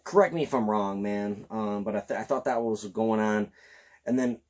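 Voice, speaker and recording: A slightly tipsy man giving an excited, profane, rambling film review. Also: fairly low pitch, moderate pace.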